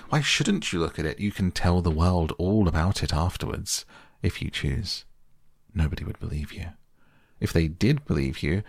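A man's voice: a bass voice, no echo, studio quality. A man reading a bedtime audiobook, voicing a proud, scornful young man who is bitter and mocking. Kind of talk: softly read bedtime audiobook.

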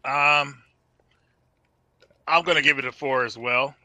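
Bright-voiced male guest reviewer. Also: medium pitch, slow, no echo. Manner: relaxed, hedging with fillers. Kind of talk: casual chat.

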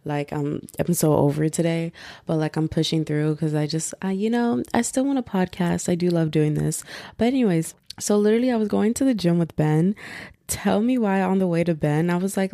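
A woman's voice: lowish voice, normal speed, dark tone, no room sound, clean studio sound. Chatty young woman podcast host. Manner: chatty, rambling, lots of fillers. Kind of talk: casual chat. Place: at home, household noise possible.

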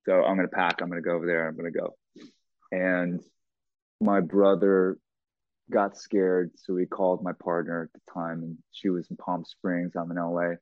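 A middle-aged man being interviewed, telling a personal story bluntly and profanely, with halting restarts. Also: sits low, flat delivery, no room sound. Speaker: guest. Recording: tinny phone-like line, dry.

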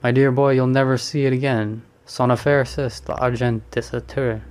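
A man's voice: medium pitch, steady tone, moderate pace, darkish tone, smooth, close to an everyday voice. A man reading a storybook, voicing an amused, worldly male painter who teases his friend. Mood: teasing. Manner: teasing, breezy.

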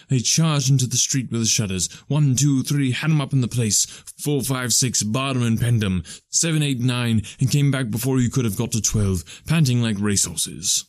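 Male audiobook narrator, mid-pitched, steady measured reading, dry close sound. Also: no room sound. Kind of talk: scripted storybook narration.

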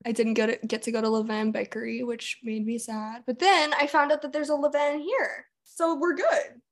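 A woman's voice: on the high side, fairly even intonation, normal speed. A young woman co-hosting a podcast, telling stories in casual chat, swearing and saying "like" and "literally" a lot. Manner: chatty storyteller, swears, says "like" and "literally" a lot. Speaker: podcast co-host.

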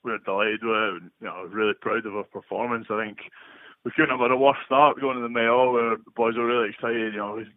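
A man's voice: medium pitch, fairly even intonation, fast talker, no echo. A Scottish man, a guest rugby player, answering questions in an easygoing, modest way. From Scotland. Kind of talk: casual interview answers. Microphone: phone call. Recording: tinny phone line.

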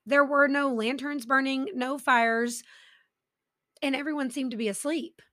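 A woman hosts a true-crime podcast, telling the story casually. She drops in personal asides. Her voice is bright and crisp. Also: on the high side, dry recording, studio quality. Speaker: podcast host.

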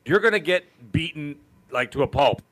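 A man's voice: fairly high pitch, expressive, moderate pace, a bit bright. A man with a Canadian accent co-hosting a casual gaming podcast, telling rambling, jokey stories. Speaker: podcast co-host.

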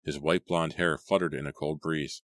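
A man narrating an audiobook in a very deep, low voice. His delivery is measured and even. The recording is close and dry, with no room sound. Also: dry recording. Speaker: audiobook reader.

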